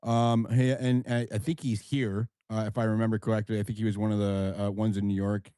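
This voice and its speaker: A man's voice: on the low side, little pitch movement, brisk, mellow, clear, resonant tone, no echo. A man hosting a live audio discussion, probing speakers with follow-up questions and insisting on distinctions. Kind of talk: moderating casual group discussion. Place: live audio chat room.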